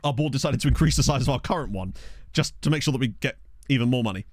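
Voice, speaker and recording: Lively man on live game commentary. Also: mid-range voice, quick pace. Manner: chatty, joking, reacting to play. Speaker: gaming streamer. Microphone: studio USB microphone.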